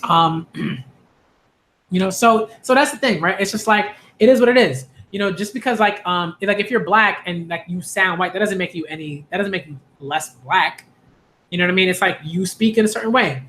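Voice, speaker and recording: This anime and manga video host is a young Queens man from Hollis, New York, rambling casually to the camera and filling his talk with "like," "um," and false starts. He speaks at normal speed in a high, pushed, bright voice over slight background noise.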